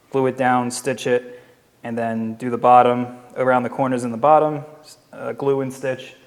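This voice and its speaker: A man with a Philadelphia accent giving a relaxed, step-by-step crafting tutorial while he works. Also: mid-range voice, in a large hall. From Philadelphia area. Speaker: leathercraft instructor. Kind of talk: casual how-to tutorial.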